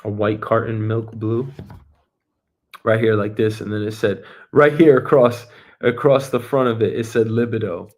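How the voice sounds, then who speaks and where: A man in his thirties hosting his own show, talking in a rambling, jokey monologue with swearing and sudden loud bursts. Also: lowish voice, steady tone, moderate pace. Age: 30s. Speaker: host. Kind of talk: casual solo monologue.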